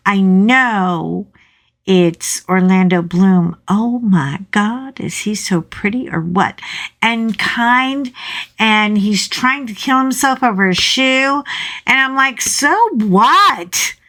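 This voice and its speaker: A woman vlogger in casual chat, rambling and chatty with animated asides. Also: medium pitch, takes it slowly.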